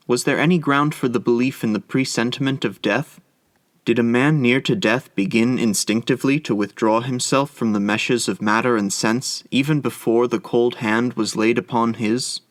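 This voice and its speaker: A man narrating a classic story as an audiobook in a measured, reflective way. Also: mid-range voice, dry recording, clean studio sound.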